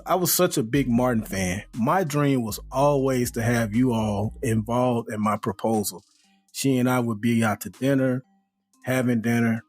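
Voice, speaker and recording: A man, co-hosting a podcast and telling a story in a casual, animated way, laughing and acting out his friends' voices. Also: medium pitch. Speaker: podcast co-host.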